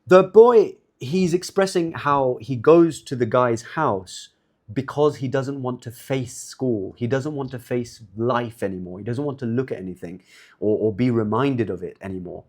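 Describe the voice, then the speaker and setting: A man lecturing in a loose, conversational way, at an ordinary middle pitch. He restarts phrases and repeats words as he goes, talking directly to his audience. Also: normal speed, darkish tone. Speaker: shaykh giving a lecture. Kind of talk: informal religious lecture.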